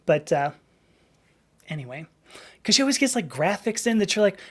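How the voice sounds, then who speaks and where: A middle-aged woman from the American South, medium-pitched and brisk, hosts a casual live stream over a webcam mic. She rambles, laughs at herself, and reads out what viewers type in chat.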